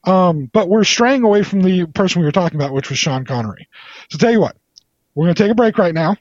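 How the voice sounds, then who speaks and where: A man with a slightly high voice hosts a casual podcast, wandering through his points with plenty of hesitations. The sound is dry and close, but dull and lo-fi. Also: expressive, fast talker, no echo. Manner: rambling, many fillers and hesitations. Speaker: podcast host. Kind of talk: casual chat.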